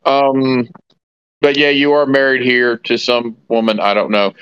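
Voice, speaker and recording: A man's voice: mid-range voice, unhurried, fairly bright tone, smooth, dry recording, highs cut off. A man playing a tabletop game, explaining at length with many hesitations. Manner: rambling, hesitant with fillers. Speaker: player. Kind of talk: casual tabletop play.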